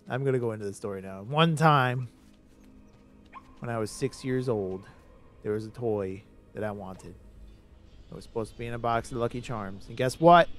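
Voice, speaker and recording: A man streaming a game, rambling in casual commentary with sudden excited outbursts. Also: mid-range voice.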